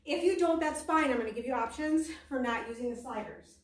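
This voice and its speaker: Heard from afar in a room full of echo, a woman runs a workout class while exercising herself. She has a high voice and talks a little fast, staying chatty and self-deprecating, now and then short of breath.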